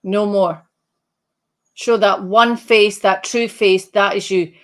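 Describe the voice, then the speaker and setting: A woman's voice: medium pitch, steady tone. Woman medium, live streamed reading, searching delivery, many restarts, talks straight to the sitter. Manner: halting, repeats and restarts phrases while searching; addresses sitters directly by name. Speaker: psychic medium.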